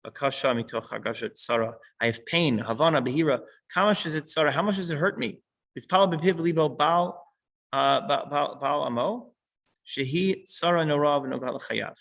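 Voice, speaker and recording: Gravelly husky male teacher. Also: on the high side, moderate pace, fairly bright tone, rough recording. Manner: explanatory, reads a line then unpacks it. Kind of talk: explaining a text to a small class.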